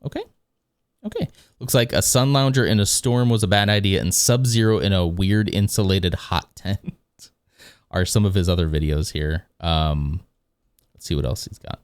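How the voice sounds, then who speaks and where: In a deep voice at normal speed, a man streams live and chats casually, reacting to videos and reading chat aloud. The sound is clean studio quality with no room sound, and his talk rambles with frequent self-corrections.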